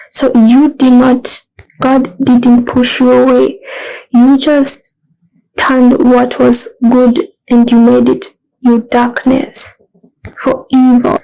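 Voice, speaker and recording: A woman's voice: fairly high pitch, creaky, dark tone, rough recording. A woman delivering an emotional spiritual monologue, speaking with passion, her voice breaking into tears at times and turning mocking when she voices harsh inner self-talk.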